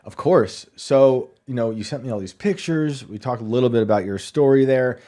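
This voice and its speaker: A man hosting a podcast, chatting casually and laughing as he fires off quick follow-up questions. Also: mid-range voice, dark tone. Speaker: podcast host. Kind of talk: casual interview chat.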